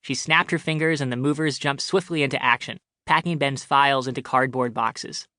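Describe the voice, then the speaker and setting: A man's voice: mid-range voice, fairly even intonation, moderate pace, pushed and bright, no echo. A man narrating his comic short story as a scripted audiobook, with a wry, dry delivery on a close studio mic.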